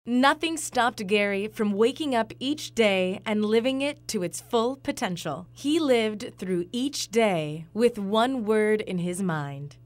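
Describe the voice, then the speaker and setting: A woman reporter giving a measured, solemn scripted narration. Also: mid-range voice, expressive, no echo.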